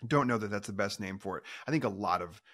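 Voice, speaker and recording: A man with a fairly low voice speaks as a pastor guest, retelling a story in easy conversation. He is animated and often restarts his sentences. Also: fast talker. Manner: animated, acts out quoted voices, self-restarting.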